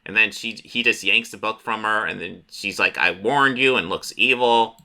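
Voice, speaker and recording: Guy recapping comics, super bright sharp voice, rambly and sweary. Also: lowish voice, fairly even intonation. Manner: rambling, profane, acts out characters in quick voices. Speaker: comic book reviewer. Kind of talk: casual recap and commentary.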